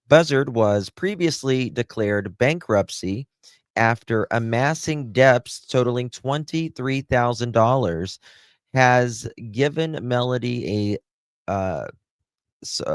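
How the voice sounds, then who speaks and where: A man's voice: lowish voice, no echo. A man with a Southern accent hosting a live true-crime stream, reading news aloud and greeting viewers by name. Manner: slow, drawling, affectionate with viewers. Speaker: true-crime show host.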